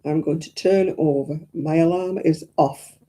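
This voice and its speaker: A woman's voice: sits low, fairly even intonation, moderate pace, dark tone. A woman chatting casually and homely to her live-stream viewers as she crochets, rambling and yawning often. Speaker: craft live-stream host.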